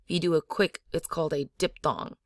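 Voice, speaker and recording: A woman's voice: sits low, steady tone, fairly quick, no room sound. Woman language teacher, dry close sound, repeats the sounds to demonstrate them. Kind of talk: slow spoken language lesson.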